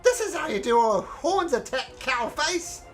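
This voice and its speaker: A woman's voice: sits high, very animated, unhurried, faint music behind, voice pushed up. A woman voicing a boastful, taunting male goatling creature who hurls insults.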